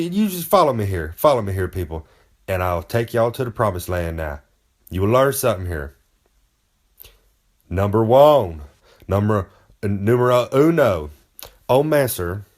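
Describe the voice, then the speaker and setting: A man's voice: fairly low pitch, sing-song, moderate pace, long pauses. A man giving a comic, boastful monologue. He rambles in a folksy way and talks about himself in the third person. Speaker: wrestler giving comic advice.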